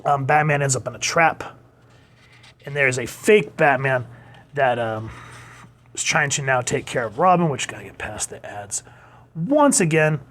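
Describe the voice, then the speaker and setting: A man's voice: mid-range voice, expressive, a little slow, long pauses, fairly bright tone. A man in his thirties casually reviewing an old comic book, enthusiastic and playful, reading bits aloud with funny voices.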